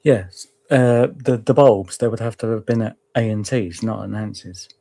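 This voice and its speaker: Man, low husky voice, co-host musing through theories. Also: moderate pace. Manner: speculative, thinks out loud. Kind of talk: casual discussion.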